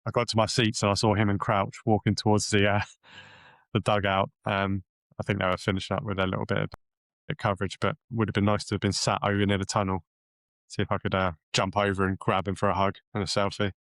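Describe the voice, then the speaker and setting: Male podcast co-host, lower voice, loose anecdotal delivery. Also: quick pace, no echo. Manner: rambling, animated storyteller with many restarts. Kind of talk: casual chat.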